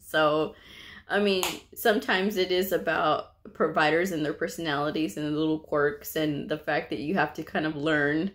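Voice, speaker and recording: A woman vlogger telling a story from her work in a casual, chatty way, with lots of asides and fillers. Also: deep voice. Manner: laughs while telling the story. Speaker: medical coding vlogger.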